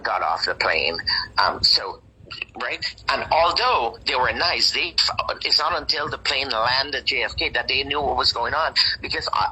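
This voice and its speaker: A guest telling a personal story in casual chat, animated and emphatic with dramatic asides. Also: medium pitch, slightly rough, rough recording.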